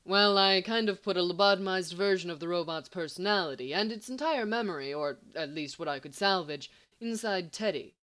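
A woman's voice: lowish voice, lively intonation, normal speed, a bit bright. A woman voicing a brilliant young man who talks sheepishly and evasively.

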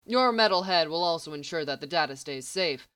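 A woman reading the lines of a sharp-tongued, impatient genius man who snaps commands. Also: deep voice, lively intonation, brisk, clear, resonant tone. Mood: brisk. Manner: snappish, commanding.

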